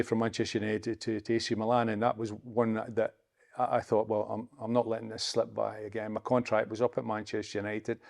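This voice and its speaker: A Scottish man in his seventies telling a story as an interview guest, halting and repeating words as he chats. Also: lowish voice, creaky, a little mellow. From Scotland. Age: 70s. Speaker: interview guest, former footballer. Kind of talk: anecdotal storytelling.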